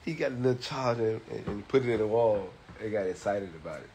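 A young father and vlogger films his toddler while chatting casually, laughing and teasing in a loose, profane way. His voice is lowish and darkish in tone, and he talks fast. It's a noisy home video.

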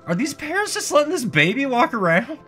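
A gaming video host delivers comedic let's-play commentary in a very high-pitched, brisk voice, with faint music behind him. He's goofy and sarcastic, swearing and getting excited as he plays.

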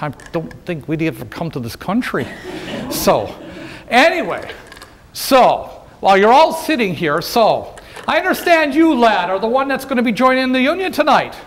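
A man's voice: high voice, very animated, moderate pace. A man playing a folksy 19th-century union organizer in a first-person historical role-play, joking with and addressing a live audience. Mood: jovial. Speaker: living-history presenter.

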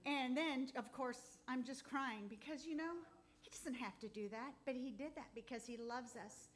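A woman giving a heartfelt, halting testimony in church, close to tears at times. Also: high-pitched. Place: church sanctuary.

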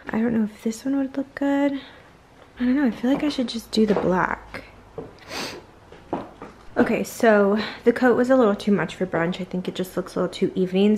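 A woman's voice: medium pitch, normal speed, background noise. A young woman in her twenties chatting casually to the camera at home, rambling with lots of fillers. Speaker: vlogger. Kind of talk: casual vlog chat. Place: home, bedroom.

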